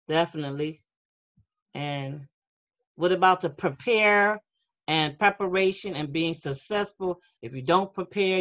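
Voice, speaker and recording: A woman leading a children's class over a video call, chatty and encouraging as she reads the chat aloud. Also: on the low side. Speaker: online youth class leader. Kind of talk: casual online class for kids.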